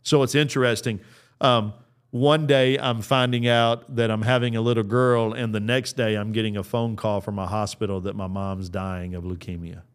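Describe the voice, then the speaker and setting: A man's voice: lowish voice, fairly even intonation, normal speed, clear, resonant tone. A man in his thirties preaching an earnest, conversational sermon, often restarting his phrases as he builds a point. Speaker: pastor.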